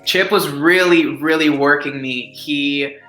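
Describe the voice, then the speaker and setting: A man's voice: a little high, slow, sharp tone. A young man, an actor as interview guest, telling a story in a casual, rambling way with lots of fillers. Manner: rambling, filler-heavy "like", upbeat. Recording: echoey room with faint music.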